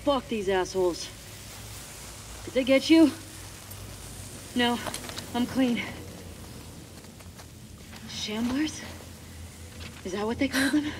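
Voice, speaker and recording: A woman's voice: a little high, slow pace, long pauses, a little mellow, slight background noise. A woman voicing a weary young survivor in video game dialogue, blunt and understated, with a swearing edge. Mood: terse.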